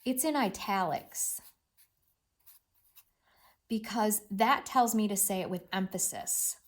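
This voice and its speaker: A woman teacher giving an expressive, encouraging read-aloud reading lesson with lots of emphasis. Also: mid-range voice, slow.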